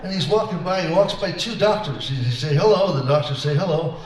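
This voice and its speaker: At a senior center concert, a performer fills the gaps between songs with a run of jokes, relaxed and acting out each character's voice. His voice is slightly high, with lively intonation and a somewhat fast pace, picked up from far away in a reverberant room.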